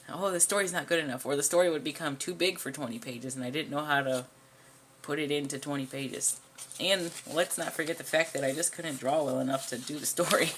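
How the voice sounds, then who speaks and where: A woman with a very low, gravelly voice chats casually about her old drawings. She sounds wry and pokes fun at herself. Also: a little hiss or hum. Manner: self-mocking, wry. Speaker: vlogger and artist.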